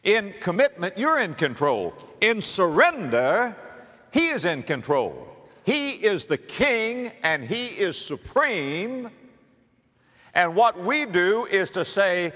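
A man's voice: sits high, big pitch swings, slow pace, sharp tone, in a large hall. A man preaching a sermon as a pastor, emphatic, building repetition and pressing rhetorical questions.

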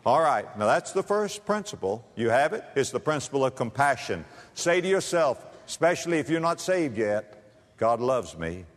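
A man preaching a sermon and reading scripture, swinging between loud high emphasis and low, quiet, drawn-out words. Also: very animated. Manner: reads scripture aloud, drawn-out stressed words. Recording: long hall reverb.

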